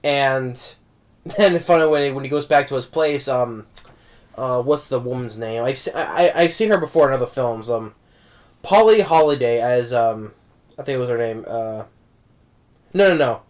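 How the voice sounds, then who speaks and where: A man's voice: mid-range voice, lively intonation, moderate pace. A man giving a casual spoken film review, rambling, with many restarts and tag questions. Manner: warm, amused fan talk. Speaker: movie reviewer.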